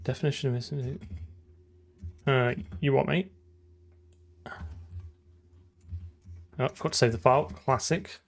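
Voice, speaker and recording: A man's voice: medium pitch, fairly even intonation, unhurried, vocal fry, pauses often. A man with a southern English accent chatting casually as he codes on a live stream, thinking aloud and laughing now and then. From southern England. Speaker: programming streamer. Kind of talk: casual live-coding chat.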